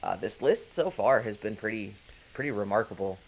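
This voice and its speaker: A man co-hosting a casual gaming podcast, talking in a measured way with frequent restarts. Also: fairly low pitch, animated, vocal fry, low-quality recording. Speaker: podcast co-host.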